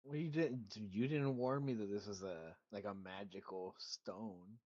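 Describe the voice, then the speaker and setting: A man playing a tabletop game defends his choices in a casual, joking way. His voice sits fairly low and sounds dry and close. The recording is dull and lo-fi. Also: measured pace, darkish tone, dry recording. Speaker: player.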